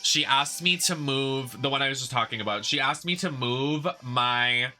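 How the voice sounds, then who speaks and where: A man's voice: mid-range voice, moderate pace, pushed and bright, faint music behind. A young man from the United States who streams games and chats in a sassy, emphatic, ranting way. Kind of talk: casual chat while gaming.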